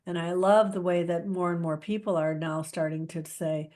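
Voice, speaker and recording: A woman's voice: fairly low pitch, moderate pace. Playful middle-aged woman host. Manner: playful, animated storytelling with laughs. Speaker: podcast host. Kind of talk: casual chat.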